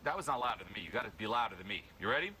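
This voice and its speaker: A man coaching a live workshop audience, blunt and energetic, breaking into loud yells. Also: on the low side, racing, background noise. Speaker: social confidence coach.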